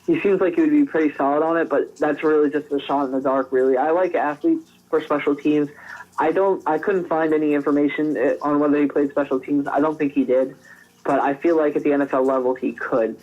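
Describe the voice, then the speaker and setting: A man's voice: a little high, steady tone, brisk, highs cut off. A man co-hosting a sports podcast, giving casual scouting analysis with frequent restarts. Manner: conversational, frequent restarts and fillers. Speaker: podcast co-host.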